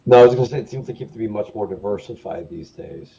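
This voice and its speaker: A man's voice: fairly low pitch, quick pace, dark tone, breathy edge. A man co-hosting a live stream, describing guitar gear in detail in a casual chat. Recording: dull lo-fi call audio.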